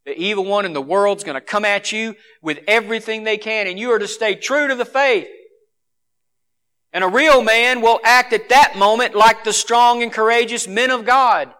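A man preaching a sermon, swinging from forceful exhortation to hushed earnestness. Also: sits high, moderate pace, clean tone.

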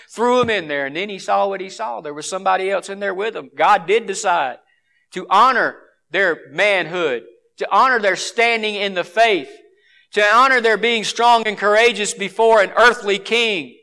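A man preaching a sermon, swinging from forceful exhortation to hushed earnestness. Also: sits high, clean tone.

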